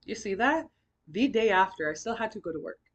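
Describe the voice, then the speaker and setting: A young woman hosting a podcast, telling her own story in a blunt, profane, animated way with big swings in pitch and loudness. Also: a little fast, husky, lo-fi sound. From California. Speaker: podcast host. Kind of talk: candid personal storytelling.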